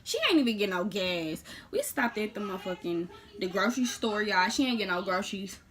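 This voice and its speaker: A blunt, animated woman tells her vlog viewers a personal story, leaping from loud bursts into hushed asides. She talks fairly quickly at a medium pitch, and a little hiss or hum sits under the recording.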